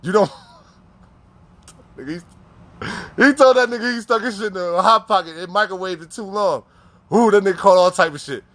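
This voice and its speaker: A man casually telling stories, animated and slangy, laughing often. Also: sits high, normal speed, pauses often. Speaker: storyteller. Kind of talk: casual storytelling.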